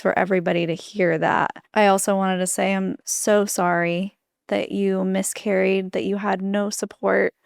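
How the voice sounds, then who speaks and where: Woman podcast host, gravelly fry, smooth resonant tone, earnest and emphatic, dry close mic. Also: mid-range voice, no echo. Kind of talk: empathetic interview talk.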